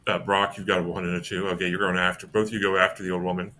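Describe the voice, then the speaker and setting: A man narrating a tabletop game as game master, with a low, bright, forceful voice. He rambles and corrects himself mid-sentence. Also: little pitch movement, very fast, a little hiss or hum.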